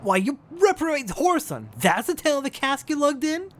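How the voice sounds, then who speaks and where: A man voicing a gruff, stern pirate ship captain who scolds and bellows. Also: very high-pitched, sing-song, fairly quick, a bit bright, voice pushed up, heavily acted. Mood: angry.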